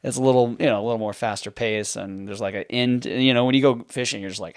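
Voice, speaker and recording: A man's voice: on the low side, steady tone, quick pace, creaky, dry recording, clean studio sound. A man in his thirties from Texas, hosting a podcast in a chatty, storytelling way and laughing easily. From Texas, near Houston. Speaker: podcast host. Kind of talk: casual conversation.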